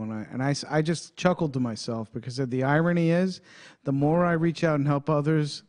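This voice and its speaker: A man's voice: mid-range voice, darkish tone. An American man, a guest on a radio talk show, talking in an easygoing, casual way. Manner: easygoing, quick to laugh, repeats words while starting. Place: radio studio.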